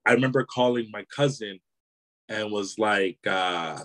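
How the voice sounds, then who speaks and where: Being interviewed as an author and entrepreneur, a man from Canada talks loosely and casually, peppering his speech with "you know" and laughing readily. He has a lowish, fairly bright voice, a little slow, on a poor recording.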